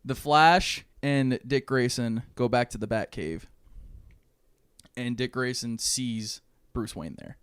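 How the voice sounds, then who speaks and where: A man co-hosting a podcast in casual chat, telling an animated, swear-heavy story and acting out the characters' lines. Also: mid-range voice, takes it slowly, smooth, no room sound, clean studio sound. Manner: excited storytelling, swears often, acts out lines. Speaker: podcast co-host.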